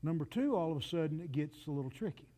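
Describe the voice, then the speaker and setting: A man's voice: on the high side, lively intonation, fast, mellow. A man, preaching a folksy, joking sermon and talking straight to the congregation. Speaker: pastor.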